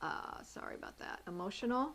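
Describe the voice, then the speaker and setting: A woman's voice: mid-range voice, animated, brisk, fairly bright tone. A woman coaching the viewer in an earnest, encouraging talk. She speaks directly to whoever is watching and stops now and then to correct herself as she writes her points down. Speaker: inner life coach. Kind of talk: motivational video talk.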